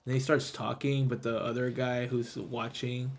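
A man chatting casually while playing a video game, often muttering quietly to himself between stories. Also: mid-range voice, level tone, normal speed. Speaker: gamer. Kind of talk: casual gameplay chat.

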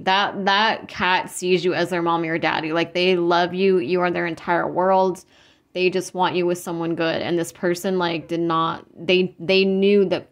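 A woman's voice: fairly low pitch, highs cut off. Woman reading tarot, casual, rambling, earnest, lots of filler words. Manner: rambling, full of "like" and restarts; earnest, emotionally moved. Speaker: tarot reader. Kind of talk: casual psychic reading to camera.

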